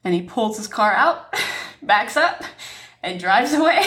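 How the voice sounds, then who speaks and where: Here a young female podcast co-host recounts a dramatic tale in an animated, lively manner, laughing and swearing throughout. She speaks at a somewhat slow pace in a mid-range voice.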